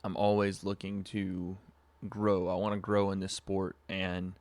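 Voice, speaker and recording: Brief: young male podcast host from SoCal, deep monotone, relaxed rambling storyteller, webcam audio. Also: measured pace, no room sound. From Southern California. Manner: laid-back, rambling with frequent fillers and laughs. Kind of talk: casual livestream storytelling.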